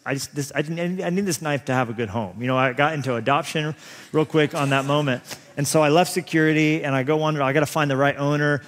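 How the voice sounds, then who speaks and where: A man in his thirties preaching a sermon, telling personal stories in an animated, humorous, self-deprecating way. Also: mid-range voice. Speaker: pastor. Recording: long reverb of a large hall.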